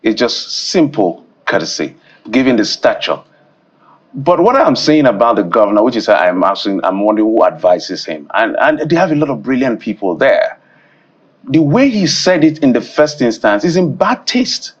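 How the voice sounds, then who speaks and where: A man's voice: medium pitch, moderate pace, husky, muffled recording. A man, co-hosting a morning news panel and arguing his point with energy. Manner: animated, argumentative. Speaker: news show co-host. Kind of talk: studio panel discussion.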